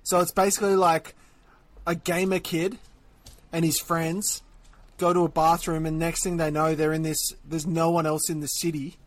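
A man's voice: a little high, level tone, normal speed. A man with an Australian accent co-hosting a podcast, chatting casually in a teasing, laid-back way. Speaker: podcast co-host. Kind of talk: casual chat.

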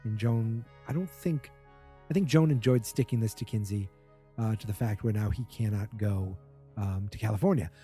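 A man's voice: on the low side, moderate pace, warm tone, breathy edge, faint music behind. A man casually recapping a TV episode, rambling with many fillers and acting out what the characters say.

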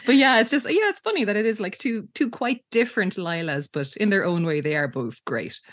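A woman's voice: medium pitch, expressive, fairly quick, no room sound, studio quality. A woman co-hosting a podcast, chatting enthusiastically and giggly about a TV episode. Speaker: podcast co-host. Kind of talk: casual episode recap chat.

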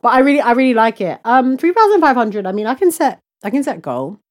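A woman's voice: on the high side, sing-song, fast talker. A young woman co-hosting a podcast in casual chat, talkative, laughing often and stretching words for emphasis. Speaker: podcast co-host.

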